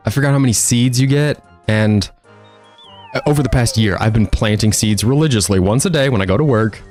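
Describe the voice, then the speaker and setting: A man's voice: mid-range voice, brisk, a little mellow, soft background music. A man casually commenting on his own gameplay as a streamer, wry and chatty, talking to himself and his viewers. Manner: wry, talks to himself and chat, laughs often.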